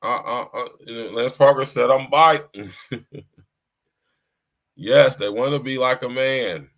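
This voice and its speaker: This podcast host delivers livestream commentary with a steady, medium-pitched voice, going a little slowly. He preaches at his listeners, repeats himself, and addresses them head-on.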